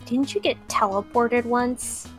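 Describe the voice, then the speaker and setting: Woman, casual co-host, high pitch, relaxed slow chat with giggles. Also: faint music behind. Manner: chatty, giggling, animated storytelling. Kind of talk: casual chat about video game glitches.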